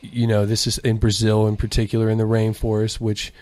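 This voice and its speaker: A man chatting in a relaxed, profane way during a casual podcast conversation. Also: lowish voice, fairly quick, no echo. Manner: laid-back, swearing, conversational.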